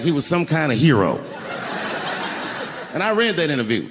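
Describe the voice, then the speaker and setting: A man performing live stand-up, telling a story in a drawling, profane, conversational way with sudden high outbursts. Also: big pitch swings, normal speed, creaky, long pauses. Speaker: stand-up comedian. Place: live comedy venue on stage. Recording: echoey hall with audience noise. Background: audience laughter.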